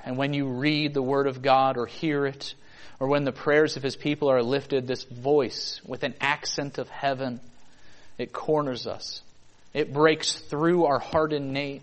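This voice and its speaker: Guy preaching a sermon, earnest, lots of questions, mid-pitch voice. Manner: earnest, rhetorical questions, rising to emphatic peaks.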